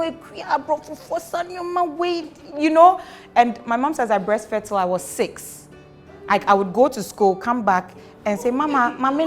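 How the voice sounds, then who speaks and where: A mother from Ghana tells lively stories, acting out what people said and laughing along the way. Her voice sits at a middle pitch, with quiet music in the background. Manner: animated storyteller, acts out quotes, laughs. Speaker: mother sharing her experience. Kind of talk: casual chat.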